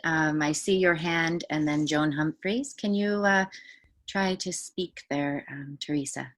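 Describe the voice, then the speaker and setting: A woman's voice: sits low, steady tone, a little slow. A woman moderating a video call, calling on speakers in a hesitant manner. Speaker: webinar moderator.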